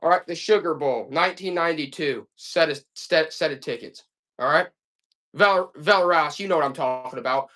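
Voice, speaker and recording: A man's voice: on the high side, normal speed, bright, forceful tone. A man hosting a casual live-selling stream, rambling and getting fired up in folksy rants between items. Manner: folksy, calls listeners "boy". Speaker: live auction seller.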